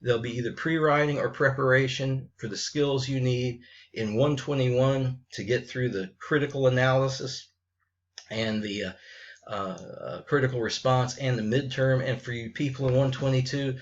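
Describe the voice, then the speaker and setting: A middle-aged man talks straight to his writing students at a middle pitch, blunt and frank, stumbling and restarting as he goes. The recording is dull and lo-fi, like a simple home setup. He sounds like an old-school college teacher speaking off the cuff. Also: steady tone, measured pace. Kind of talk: unscripted video message to students.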